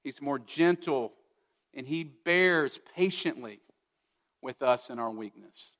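A man's voice: mid-range voice, lively intonation, slow, a bit bright. Earnest preacher man in a reverberant hall. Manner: earnest preaching, asks the listeners direct questions. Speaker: pastor. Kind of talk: sermon.

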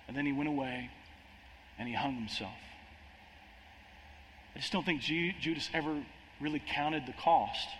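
A man with a slightly high, somewhat bright voice preaches a sermon as a pastor, impassioned, restarting phrases and acting out quotes. It was recorded in a large church hall with long reverb, faint ambience, and a little hiss or hum.

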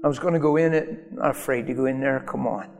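A man's voice: medium pitch, fast talker, a little mellow. A man preaching a sermon, telling stories in an emphatic way that rises to sudden bursts. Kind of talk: sermon storytelling. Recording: long hall reverb with faint music.

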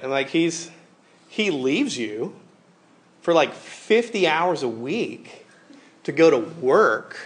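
Animated conversational male preacher. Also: fairly high pitch, takes it slowly, long pauses. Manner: conversational, animated, acts out quoted voices. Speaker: pastor. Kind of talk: sermon.

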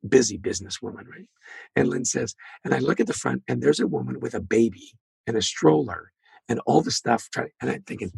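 A man speaking as an interview guest, telling animated stories and acting out the quoted dialogue. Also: medium pitch, fast talker, vocal fry, slightly rough, no echo. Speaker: guest, leadership author. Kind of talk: storytelling interview talk.

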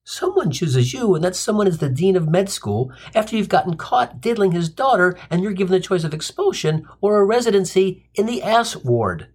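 A man with a husky voice tells a comic monologue full of tangents. His pitch swings widely as he builds to crude, sardonic punchlines. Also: big pitch swings, moderate pace, hardly any pauses. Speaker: comic storyteller, podcast host.

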